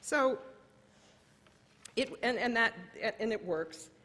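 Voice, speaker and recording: A middle-aged woman gives a keynote in a large conference hall, sharing personal stories earnestly and correcting herself as she goes. Her voice is on the high side, animated and fairly bright, and she takes it slowly. The hall adds a long reverb.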